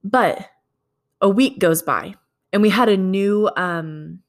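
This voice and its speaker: A woman's voice: medium pitch, slow pace. A woman working as a leasing agent tells a work story in a conversational way, acting out both sides of the dialogue. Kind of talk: storytelling sales advice.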